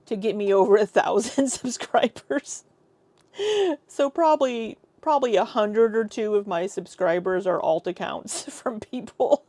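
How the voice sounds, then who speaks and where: A woman's voice: medium pitch, unhurried, mellow, dry recording. A woman streamer talking through clips in a loose, chatty way, with a mid-range voice. She throws in sarcastic asides and laughs easily. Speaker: reaction streamer. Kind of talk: casual commentary over clips.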